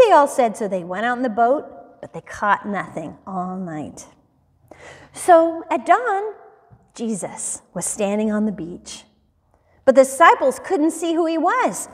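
A woman teaching a Bible study class, reading scripture aloud and bringing the dialogue to life with an expressive delivery. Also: medium pitch, a little slow, breathy edge, in a large hall.

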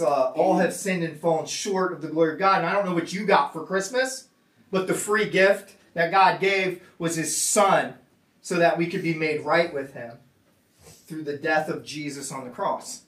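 A man's voice: on the high side, roomy sound, distant mic. A man preaching a sermon in an earnest way, often repeating and restarting his words. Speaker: pastor. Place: church gathering room.

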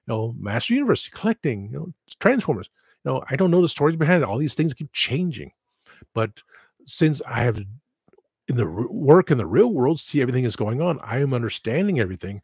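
A man with a husky, mid-range voice hosts his own live podcast stream, drifting from thought to thought with blunt, salty frankness. The sound is dry and close, with no room around it. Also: mid-range voice, very animated, fairly quick, darkish tone, dry recording. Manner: rambling, frank, swears freely. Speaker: livestream podcast host. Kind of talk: casual rambling livestream chat.

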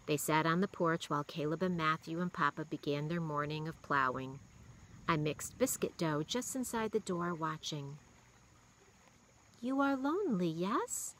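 A woman reading a children's novel aloud in a steady, expressive way. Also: deep voice, moderate pace, slight background noise, rough recording. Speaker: reader.

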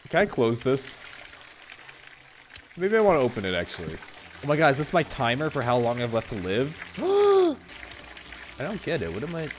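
A man's voice: medium pitch, big pitch swings, brisk, pauses often, slight background noise. A young man streaming a horror game, joking around and yelping at the scares. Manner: jumpy, joking, yelps and shouts. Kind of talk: horror game playthrough commentary.

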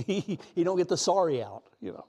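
A man's voice: on the high side, big pitch swings, quick pace, darkish tone. A middle-aged man preaching a sermon in an earnest, emotional way, sometimes close to tears.

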